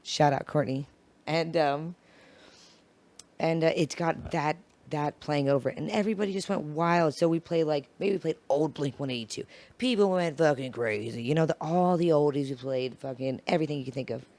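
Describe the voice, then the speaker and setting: A woman with a naturally raspy voice, a podcast guest talking in a loose, rambling, swearing way. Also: deep voice, normal speed, a little mellow. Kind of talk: casual podcast chat.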